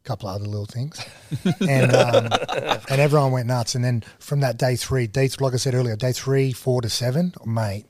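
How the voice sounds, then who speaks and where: A man's voice: mid-range voice, fairly quick, few pauses, dry recording, studio quality. Laid-back Australian man telling stories. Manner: animated, laid-back storyteller, slangy. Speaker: guest, TV host and former rugby league player. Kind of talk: casual storytelling interview.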